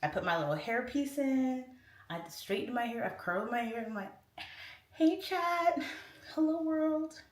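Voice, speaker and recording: A woman's voice: fairly high pitch, expressive, fairly quick. Chatty woman livestream host, rambling "like"-heavy delivery, recorded from a distance in an echoey room. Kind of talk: casual livestream chat, reading out comments. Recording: roomy echo, distant mic.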